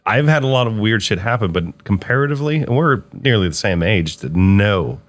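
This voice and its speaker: Low, lively teasing man host. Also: brisk. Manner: teasing, chuckling interjections. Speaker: podcast host. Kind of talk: casual chat.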